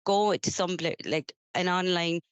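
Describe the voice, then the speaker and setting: A woman's voice: lowish voice, steady tone, unhurried, smooth, dry recording, muffled recording. A woman hosting a podcast and giving practical business advice in a casual way, with fillers and repeated words.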